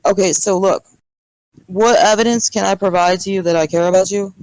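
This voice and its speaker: A woman's voice: medium pitch, steady tone, fairly quick, darkish tone, no echo, rough recording. A woman, a server owner, defending herself in a voice-chat argument, pleading and explaining.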